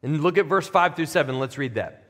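Conversational preacher in a reverberant hall. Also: male voice, a little high, animated, a little fast, fairly bright tone. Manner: conversational preaching, rising emphatic peaks. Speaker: pastor. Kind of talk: sermon. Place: church sanctuary.

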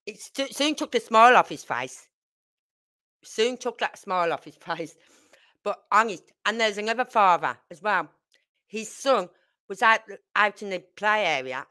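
A woman's voice: medium pitch, sharp tone. A middle-aged woman, telling blunt, salty stories casually to her viewers as a channel host. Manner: blunt, salty, tells stories with acted quotes. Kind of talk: casual storytelling to camera.

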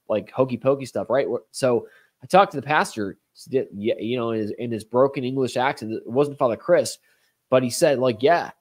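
A man hosting a talk show, giving commentary and reading a letter aloud in an earnest manner, pushing hard on key words. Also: mid-range voice. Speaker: host.

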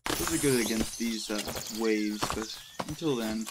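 A man hosting a let's play, thinking aloud in a relaxed way while he plays. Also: fairly low pitch, measured pace, heavy background noise. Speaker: gaming channel host.

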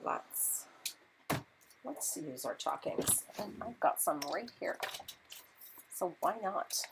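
A woman's voice: on the low side, lively intonation, slow, gravelly, very noisy. A woman in her thirties hosting a live craft tutorial, chatty and a little flustered, apologizing often as she works. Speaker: craft demonstrator.

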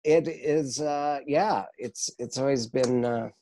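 A man's voice: mid-range voice, slow. Dry, hesitant man guesting on a podcast. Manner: dry, hesitant, deadpan jokes with many uh fillers. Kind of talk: casual comedic chat.

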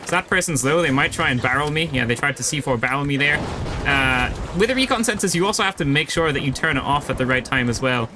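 A man's voice: fairly high pitch, lively intonation, fast talker, noisy background. A young man giving casual live commentary while playing a video game, explaining his choices as he goes. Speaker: gaming YouTuber.

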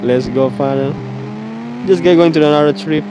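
A man giving casual, excitable commentary while playing a mobile game, exclaiming often and laughing at what happens. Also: a little high, normal speed, muffled recording, noisy background. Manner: excitable, exclaims often, calls the viewer bro.

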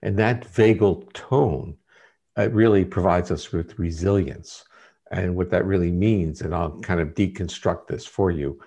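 A man, a guest scientist in an interview, giving measured, lecturing explanations. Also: low voice, mellow, husky.

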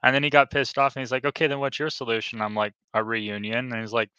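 A man's voice: mid-range voice, little pitch movement, quick pace, bright, forceful tone, clear, resonant tone, no room sound, muffled recording. A man telling a casual story in a hesitant way, as a guest in a conversation. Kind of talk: casual chat.

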